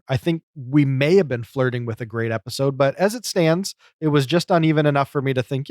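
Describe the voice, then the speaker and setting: A man's voice: mid-range voice, a little fast, few pauses, darkish tone, dry recording. A man co-hosting a podcast, musing through an episode review with lots of "you know"s. His voice sits mid-range and the recording is dry, with no room sound. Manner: talkative, analytical, many fillers. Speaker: podcast co-host. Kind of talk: casual chat reviewing a comedy show.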